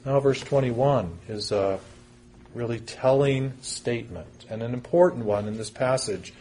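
A man's voice: mid-range voice, animated, a little slow, dark tone, breathy edge. A man preaching a sermon, reading scripture aloud and explaining it in an earnest, conversational way. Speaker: pastor.

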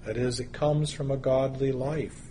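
A man preaching a sermon, teaching through a Bible passage in a measured way with pauses and stressed words. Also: mid-range voice, steady tone, warm tone, slight background noise.

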